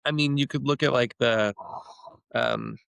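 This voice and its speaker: A man's voice: medium pitch, steady tone, measured pace, vocal fry, fairly bright tone, smooth, no echo. A man, a podcast guest, retelling stories in a rambling, casual way with many restarts. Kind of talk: casual storytelling chat.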